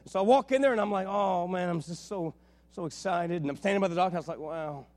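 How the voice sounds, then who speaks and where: A male pastor giving a sermon, telling lively stories and dropping to a hushed, intimate tone for emphasis. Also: sits high, fast. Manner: storytelling, animated, drops to a hushed tone.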